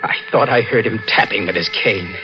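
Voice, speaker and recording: A man's voice: on the low side, normal speed, natural voice. An actor in an old radio drama playing a nervous young man who murdered his uncle, stammering as fear takes hold. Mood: uneasy. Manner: nervous, stammering, rising to panic. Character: young man, guilt-ridden nephew turned murderer. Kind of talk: 1940s radio drama acting. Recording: old radio recording with music bed.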